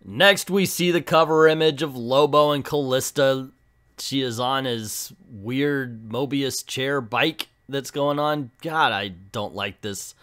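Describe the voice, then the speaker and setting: A man's voice: mid-range voice, takes it slowly, fairly bright tone, no echo, clean studio sound. A man hosting a comic book video, recapping an issue in a casual, sarcastic, chatty way.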